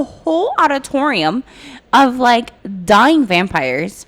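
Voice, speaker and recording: A woman co-hosting a book podcast in casual chat, ranting about the plot and acting out the characters in quick asides. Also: mid-range voice, sing-song, fairly bright tone, slight background noise.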